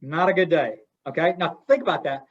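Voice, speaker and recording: Man presenter, fairly high voice, folksy and interactive, muffled webinar sound. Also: a little fast. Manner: folksy, asks the audience questions. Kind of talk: interactive workshop talk. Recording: dull lo-fi webinar audio.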